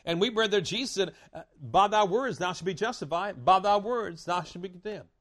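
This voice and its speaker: A man preaching a sermon in a folksy way, with repeated phrases, stammered restarts and loud declaring. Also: high voice, lively intonation, fairly quick.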